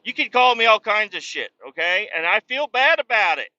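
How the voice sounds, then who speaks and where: A man's voice: high voice, wildly swooping pitch, moderate pace, few pauses, bright, forceful tone, no room sound, dull audio. A man hosting a podcast, telling a rambling, profane, self-mocking comic story. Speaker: podcast host. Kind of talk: comedic storytelling monologue.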